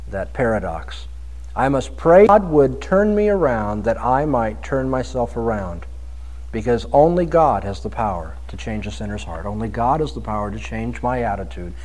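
A man preaching an expository sermon on a Bible passage, swinging from soft reflection to emphatic, pleading delivery. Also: on the high side, rough recording.

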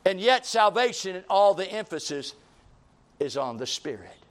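A high-voiced man preaching. He lays out his sermon with strings of repeated questions and builds to emphatic peaks. His tone stays pitched up and full of conviction. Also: big pitch swings, moderate pace. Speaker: pastor.

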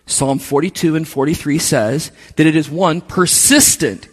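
A man's voice: a little high, a little slow, hardly any pauses, in a large hall. A man preaching a sermon, speaking conversationally and making asides to the congregation. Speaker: pastor.

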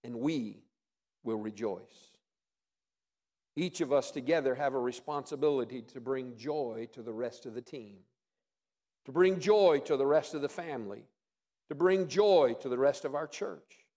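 A man preaching a sermon, folksy and emphatic, rising to strong emphasis and dropping low for effect. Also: a little slow, dark tone. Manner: emphatic, rises and drops in volume for effect; folksy humor. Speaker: pastor.

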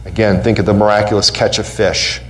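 A man's voice: lowish voice, level tone, fairly quick, a bit bright, low-quality recording. Man preaching with rising fervor. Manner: impassioned preaching, voice rising on questions and quotes; repeats phrases for emphasis. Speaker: pastor. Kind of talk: sermon. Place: church sanctuary.

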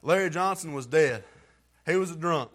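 A plainspoken man speaks to a church, reading scripture and then telling his own testimony. His voice sits a little higher than most men's, and his everyday grammar keeps it down to earth and heartfelt. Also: normal speed, fairly bright tone. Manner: earnest and heartfelt. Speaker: church member giving testimony.

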